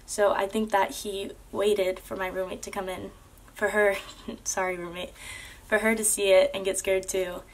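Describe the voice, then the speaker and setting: A woman's voice: mid-range voice, flat delivery, moderate pace. Earnest young woman telling a personal story. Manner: earnest, with many fillers like "like" and "um".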